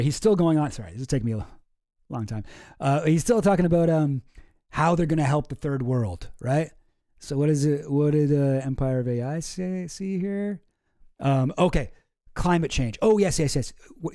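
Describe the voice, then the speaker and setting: A man's voice: a little high, mellow, no room sound, clean studio sound. A man hosting a show, ranting in casual commentary with lots of swearing and exasperation. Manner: profane, exasperated. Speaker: host.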